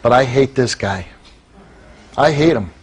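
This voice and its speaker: A man's voice: mid-range voice, lively intonation, unhurried, a little hiss or hum. A man hosting a talk show, lecturing a guest in a harsh, accusing way and repeating words for emphasis.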